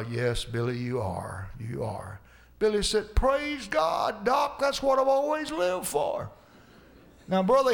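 Gravelly-voiced folksy male preacher. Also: a little high. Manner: folksy, repeats lines for emphasis. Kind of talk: sermon.

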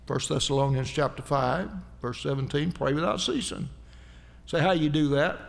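Folksy preacher man, slightly high voice. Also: moderate pace, vocal fry. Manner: folksy, storytelling, calls out amen to the congregation. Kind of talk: folksy sermon with stories.

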